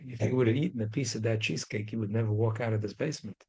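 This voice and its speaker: A man voicing a calm, secretive mayor who reassures and explains in a matter-of-fact way, with a husky voice. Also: on the low side, rapid-fire. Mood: explaining. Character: calm, secretive male mayor hosting a hidden Seder.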